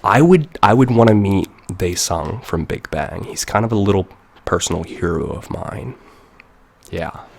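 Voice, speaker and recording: A man's voice: sits low, lively intonation, measured pace, creaky. A young man chatting casually on a live stream, rambling into tangents and laughing often, with the mic very close to his mouth. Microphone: desk mic very close to mouth.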